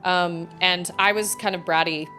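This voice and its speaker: A woman's voice: fairly low pitch, normal speed, faint music behind. A woman in her thirties, a streamer chatting casually and telling stories, acting out quotes with many "like"s. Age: 30s. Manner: animated, acts out quotes, lots of "like". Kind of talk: casual storytelling while gaming.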